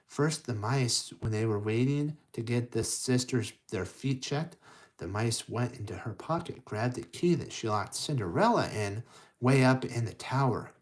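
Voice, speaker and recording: A man narrates a children's storybook in a casual, rambling way. He often stops and restarts his sentences mid-thought. His voice sits at an ordinary middle pitch. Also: a little slow. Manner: loose, rambling with many restarts.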